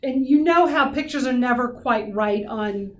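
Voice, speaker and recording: A woman's voice: fairly high pitch, normal speed, roomy sound. A woman co-hosting a casual chat, with dry teasing remarks. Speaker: podcast co-host.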